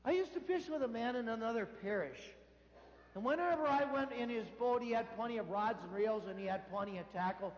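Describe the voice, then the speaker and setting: A man giving a sermon as a priest, telling stories in a lively way and acting out the voices of the people in them. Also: very high-pitched, brisk. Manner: animated storytelling, acting out voices in quotes. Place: church. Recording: echoey church hall.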